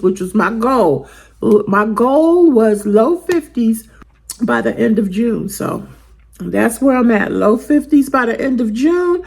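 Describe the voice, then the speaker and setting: Husky woman vlogging casually. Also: fairly high pitch. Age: 50s. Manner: chatty, homey, addresses viewers as y'all. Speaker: weight loss vlogger. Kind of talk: casual chatty vlog.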